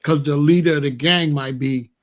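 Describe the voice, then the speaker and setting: A man's voice: a little high, steady tone, moderate pace. An older man, telling stories in a rambling, casual way and pointing out places around him outdoors. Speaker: vlogger. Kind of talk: casual storytelling.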